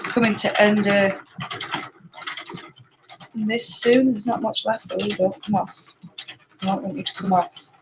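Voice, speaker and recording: A woman with a Yorkshire accent chatting casually and rambling on a live stream, talking loudly over her spinning wheel and laughing often. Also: mid-range voice, fairly even intonation, a little slow, pauses often, noisy background. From Yorkshire, England. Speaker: spinning channel host.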